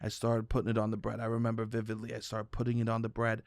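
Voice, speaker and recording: A young man with a New York accent, co-hosting a casual podcast and telling stories loudly, breaking into shouts. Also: on the low side, fast, no echo. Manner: loud, animated storytelling with shouted bursts. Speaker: podcast co-host. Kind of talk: casual chat.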